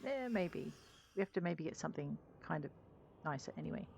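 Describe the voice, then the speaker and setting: A woman's voice: low voice, lively intonation, fairly quick, creaky, a little mellow, a little hiss or hum. A woman streamer chatting casually and reacting aloud as she plays a video game, giggling at what happens on screen. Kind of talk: casual live-stream commentary. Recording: slightly dull lo-fi audio with faint music.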